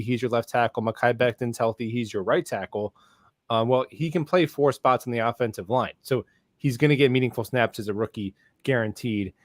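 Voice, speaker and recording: Guy breaking down football picks, even mid voice, dry sound. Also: medium pitch, dry recording. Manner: thoughtful, explains at length. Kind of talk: casual chat.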